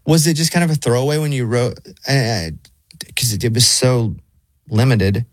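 A man's voice: medium pitch, moderate pace, dry recording, clean studio sound. Joking male radio host. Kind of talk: casual interview chat.

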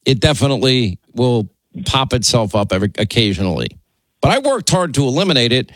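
A man's voice: mid-range voice, very animated, brisk, fairly bright tone, no echo. Radio host guy, chatty, stammers and restarts a lot, kinda worn out, dry close sound. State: tired after a long week. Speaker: radio talk show host. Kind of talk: casual call-in chat.

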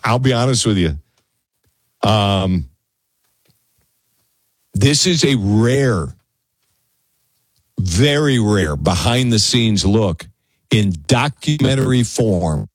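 A man's voice: on the low side, no room sound. A male radio talk show host speaking conversationally into a studio microphone, often repeating words as he gets going. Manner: conversational, stammers and repeats words when excited. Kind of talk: casual talk radio monologue. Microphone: studio broadcast mic.

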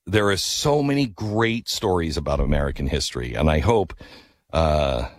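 A man hosting a talk radio show, telling a story in a casual, animated way and rising into incredulous outbursts. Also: rumbling low, normal speed, dry recording.

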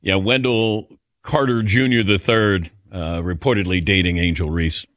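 A man hosting a sports talk radio show, relaxed and conversational, bantering with callers and crew. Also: low-pitched, normal speed, no room sound, studio quality.

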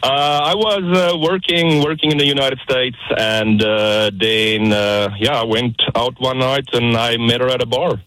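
A South African man calling in to a radio show, his voice sitting at an ordinary middle pitch. He talks in a relaxed, hesitant way, with lots of pauses and filler sounds. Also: poor audio. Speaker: caller. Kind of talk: phone-in chat.

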